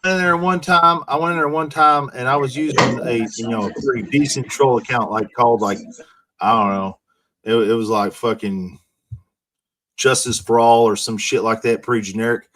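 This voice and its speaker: A man's voice: medium pitch, steady tone, normal speed, a bit bright. A man in casual voice-call chat, telling rambling, profane stories.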